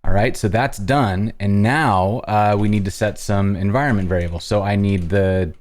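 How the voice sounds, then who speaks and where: Host, male, deep voice, narrates his coding steps casually, keys clacking behind. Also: darkish tone. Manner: talks through each step as he types, halting restarts. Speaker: host live-coding on stream. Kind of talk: casual live-coding chat.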